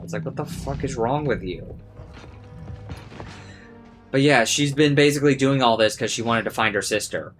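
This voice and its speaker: A man's voice: medium pitch, normal speed, pauses often, faint music behind. A young man giving casual, rambling commentary over gameplay, saying "like" a lot and swearing freely. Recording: steady background noise.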